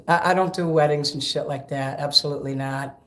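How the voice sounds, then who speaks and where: A man's voice: on the high side, steady tone, fairly quick, fairly bright tone. A man ranting profanely and rambling in a casual livestream between karaoke songs. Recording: echoey room over karaoke backing music.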